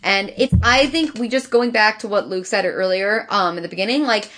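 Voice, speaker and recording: A woman's voice: medium pitch, moderate pace, fairly bright tone. A woman co-hosting a casual movie review podcast, blunt and enthusiastic, swearing freely. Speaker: podcast co-host.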